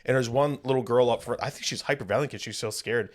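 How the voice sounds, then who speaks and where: Man, podcast co-host, lively storyteller who acts out quotes, casual banter. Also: mid-range voice, very fast. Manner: animated storyteller acting out quoted voices. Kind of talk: casual chat.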